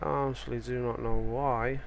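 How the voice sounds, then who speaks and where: A young Australian man talks in a loose, rambling way, often breaking off and restarting his sentences. His voice sits at an ordinary middle pitch, with a faint hum of room sound behind it. It sounds like casual live-stream chat. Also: level tone, normal speed, vocal fry. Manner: chatty, rambling, self-interrupting. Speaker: sim racing streamer.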